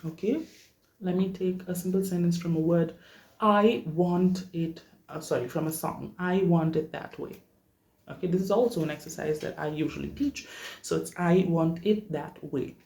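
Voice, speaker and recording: Speaking at a moderate pace with a darkish tone, this vocal coach leads a vowel workshop in an echoey space. They check in with listeners often and model the vowels at a high pitch.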